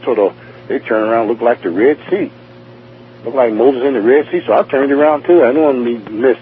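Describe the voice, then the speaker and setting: A medium-pitched man from New York with a New York accent tells his testimony in a rambling, repetitive way and acts out dialogue. The sound is a tinny, phone-like radio broadcast with slight background noise.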